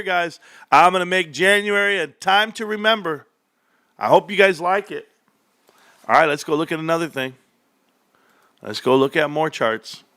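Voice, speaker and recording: A man hosting casual stock market commentary, animated and joking, calling his viewers bro. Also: fairly high pitch, moderate pace, dry recording, clean studio sound. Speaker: stock market video host.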